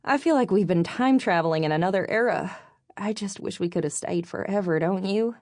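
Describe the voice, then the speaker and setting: A woman's voice: mid-range voice, brisk, a little mellow, no room sound, clean studio sound, voice pushed up, natural voice. A woman voicing a wry, joking young woman who teases her best friend in an audiobook. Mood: wistful.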